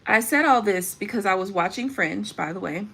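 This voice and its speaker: A woman delivers an unscripted vlog monologue in a bright, forceful voice. She talks emphatically and preachily and swears freely. Her pitch sits in an ordinary middle range for a woman. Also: animated, normal speed, creaky, husky. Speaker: vlogger.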